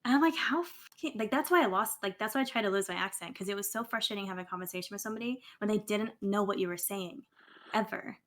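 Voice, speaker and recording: A woman's voice: medium pitch, fast, a bit bright. A woman from England, a guest on a podcast, chatting casually with some swearing.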